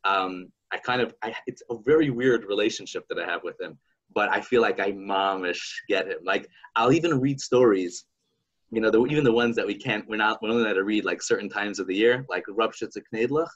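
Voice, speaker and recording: A man hosting a podcast, chatting casually and telling a folk story in an animated, halting way. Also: fairly low pitch, husky, muffled recording. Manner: animated, halting, with many restarts. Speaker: podcast host.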